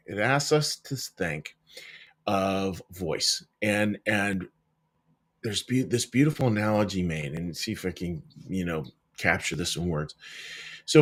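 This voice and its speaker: A middle-aged man, a minister, gives a gentle daily devotional reflection to camera from a small cabin room. He talks conversationally, often restarting and searching for words, and addresses his listeners as folks. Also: deep voice, breathy edge.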